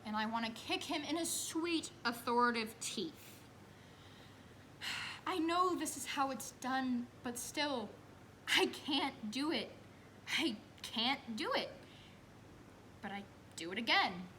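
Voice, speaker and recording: A woman's voice: high-pitched, expressive, slow, pauses often, sharp tone, a little hiss or hum, exaggerated voice, poor audio. A young woman acting a stage monologue as an anxious new mother, telling it expressively and slipping into whispers. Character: anxious new mother recalling giving birth. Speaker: student actress. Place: school theater stage.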